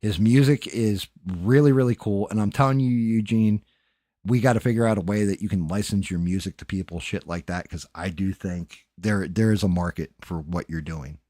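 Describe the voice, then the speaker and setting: A man's voice: on the low side, normal speed, warm tone, no echo, clean studio sound. A man hosting a late-night livestream, chatting loosely with frequent swearing and thanking viewers by name. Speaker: livestream host.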